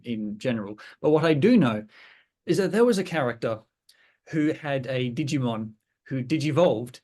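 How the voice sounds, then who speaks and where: Friendly man hosting a podcast. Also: medium pitch. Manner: friendly, stammering restarts. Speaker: podcast host. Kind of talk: interview questions.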